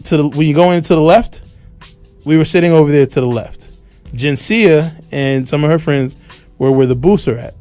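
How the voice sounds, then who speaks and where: A man hosting a radio talk show, telling a long story in a casual, animated way and acting out what people shouted, on a studio microphone. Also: fairly high pitch, moderate pace, faint music behind.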